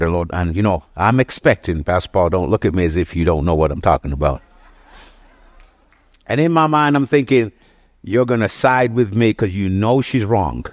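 A middle-aged man preaching a sermon with emphasis, dropping to low murmurs and rising to raised exclamations while asking the congregation question after question. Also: no echo, studio quality. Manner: asks the congregation questions again and again. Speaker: pastor.

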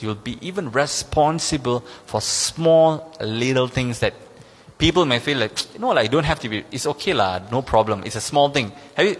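A man preaching a sermon as pastor, emphatic and repetitive, pushing his pitch up on key points. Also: a bit bright. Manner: emphatic, repeats key phrases, rises in pitch when stressing points. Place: church sanctuary. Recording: long hall reverb.

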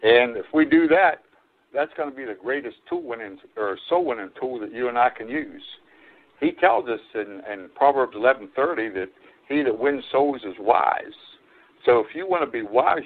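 A man's voice: mid-range voice, lively intonation, normal speed. A male pastor preaching a sermon in a conversational way, often repeating phrases and calling his listeners folks. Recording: phone-like narrow-band stream audio.

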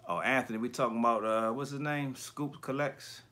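A man hosting a casual livestream chat about collectibles, talking in slangy, profane bursts and animated storytelling. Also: mid-range voice, fairly quick. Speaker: YouTube collector channel host.

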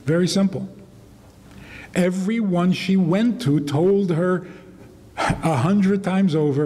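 Slow-talking rabbi guy telling funny stories to a crowd, wry, mellow voice, big hall echo. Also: high voice. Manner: humorous, wry, laughs at his own stories. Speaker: rabbi lecturer. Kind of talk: storytelling lecture to an audience. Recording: long reverb of a hall.

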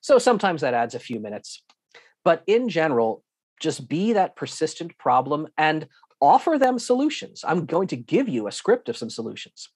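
A man giving an online lesson with slides, talking in a lively, emphatic way, acting out airline staff and repeating himself for emphasis. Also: on the high side, moderate pace, slightly rough, no echo, studio quality. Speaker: guest instructor.

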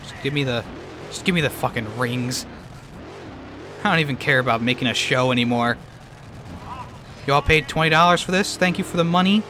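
A man streaming a video game, commenting sarcastically, swearing a lot and yelling when a run goes wrong. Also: mid-range voice, brisk, pauses often, background noise. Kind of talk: let's play gaming commentary.

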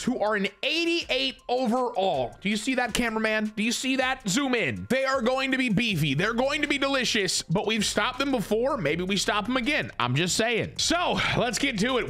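Young guy yelling through a football game, high bright voice jumping all over, swears a ton. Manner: excitable, self-mocking, swears a lot. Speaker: gaming YouTuber. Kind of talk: casual gameplay commentary.

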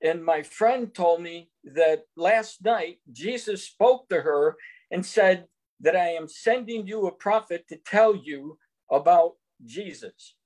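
A man's voice: high-pitched, slow, darkish tone. An older man on a video call telling an earnest faith testimony, recounting conversations in quotes. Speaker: guest giving testimony. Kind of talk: testimony storytelling.

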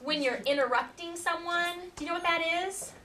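A woman's voice: extremely high pitch, moderate pace, bright, forceful tone. A woman therapist leading a group of children with upbeat praise, recorded from across an echoey room. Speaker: behavior therapist. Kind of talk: teaching children in a group session. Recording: echoey room, mic far off, audible noise.

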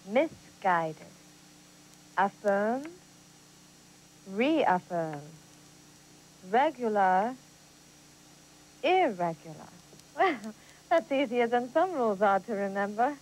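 A woman's voice: mid-range voice, a little mellow, poor audio. An actress playing an earnest adult woman learning spelling, in a scripted educational TV lesson.

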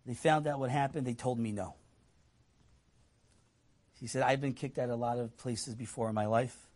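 A man's voice: mid-range voice, normal speed. A man telling an inspirational story to an audience, animatedly acting out the people he quotes. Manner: animated, acts out quoted voices, laughs. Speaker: storyteller speaker.

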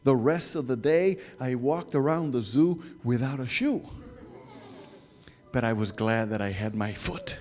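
A man telling a story to children in church, animated, asking the listeners questions and dropping to whispers. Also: mid-range voice, a little slow. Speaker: guest speaker.

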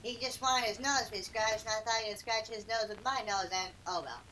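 A woman's voice: on the high side, brisk, bright, forceful tone, a little hiss or hum. A woman voicing a cheerful, boastful toy cowboy doll in a homemade toy play, with a chirpy, bouncy delivery.

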